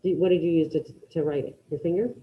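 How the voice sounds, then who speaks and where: A woman teaching a Spanish class online, brisk and encouraging, calling out students by name as she checks their answers. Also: deep voice, fairly even intonation, dull audio.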